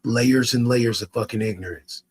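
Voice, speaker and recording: A man's voice: medium pitch, normal speed, slightly rough. A man streaming live, ranting at his chat in a profane, repetitive way with stammered restarts.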